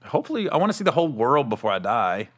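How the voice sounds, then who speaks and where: A middle-aged man hosting a casual chat, an animated storyteller who laughs often. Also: medium pitch, rapid-fire, slightly rough.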